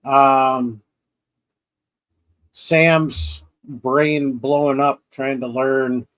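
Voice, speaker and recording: A man's voice: mid-range voice, level tone, very slow, fairly bright tone, poor audio. A man co-hosting a podcast in casual chat, rambling through scenes, acting out his own reactions and laughing often. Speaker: podcast co-host.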